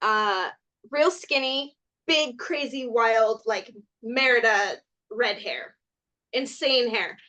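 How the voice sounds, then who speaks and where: Podcast guest: a Californian woman, high voice, animated, casual, full of "like" fillers. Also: slow pace, muffled recording. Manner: animated, laughs often, many "like" fillers. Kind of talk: casual storytelling chat.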